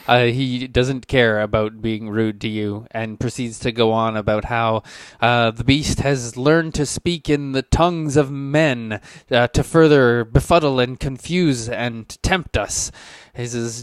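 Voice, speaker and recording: A man running a tabletop game as game master, narrating loosely with plenty of fillers and restarts. His voice sits at a mid pitch and sounds dry and close. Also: fairly even intonation, a little slow, hardly any pauses, clear, resonant tone, dry recording. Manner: loose and rambling, many fillers.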